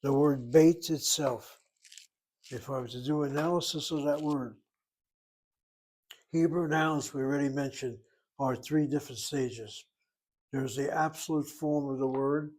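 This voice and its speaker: A man's voice: mid-range voice, fairly even intonation, measured pace, pauses often, darkish tone. A man teaching a Hebrew lesson, explaining grammar step by step and thinking aloud as he goes. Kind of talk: informal language lesson.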